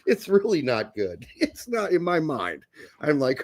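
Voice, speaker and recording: Lively, laughing middle-aged man. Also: fairly high pitch, a little slow. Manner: jokey, laughs often, animated storytelling. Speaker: podcast co-host. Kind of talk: casual chat.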